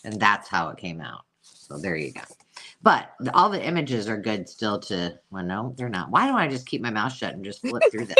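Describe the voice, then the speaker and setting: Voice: mid-range voice, huge pitch swings, moderate pace, bright, forceful tone. A host chatting casually through a live sale, self-mocking and cooing over old pictures. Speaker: host selling vintage books.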